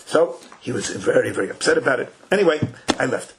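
A man's voice: medium pitch, fast talker, hardly any pauses, background noise. An older man teaching a Torah class in casual English full of Hebrew and Yiddish terms, telling stories with folksy asides. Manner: animated, folksy retelling with asides.

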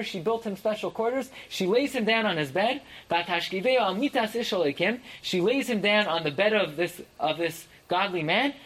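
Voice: medium pitch, fairly bright tone, poor audio. A teacher leading a verse-by-verse text study class, translating each phrase and then exclaiming over it.

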